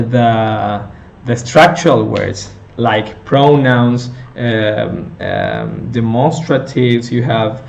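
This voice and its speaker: A male teacher slowly explaining a lesson step by step, with many fillers and self-corrections. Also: medium pitch, creaky. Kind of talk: recorded lecture on intonation.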